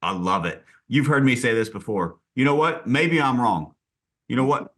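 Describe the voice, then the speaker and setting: A middle-aged man hosting a casual podcast interview, an animated storyteller who acts out conversations. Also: moderate pace. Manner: animated storyteller, acts out dialogue with big pitch jumps. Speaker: podcast host and real estate coach.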